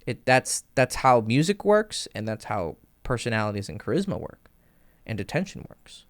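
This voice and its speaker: A man's voice: medium pitch, big pitch swings, normal speed. A young man casually coaching on dating and charisma. He swears freely and uses vocal sound effects. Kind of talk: casual advice monologue.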